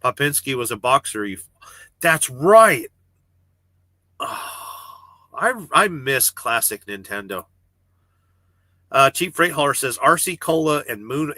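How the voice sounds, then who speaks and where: A man hosts a casual livestream from the cab of his parked truck and reads out viewer comments. He rambles and jokes, cursing freely. His voice is bright and tense, and it sounds dry and close. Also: medium pitch, dry recording. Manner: rambling, joking, swears freely. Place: parked truck cab with refrigerated trailer running.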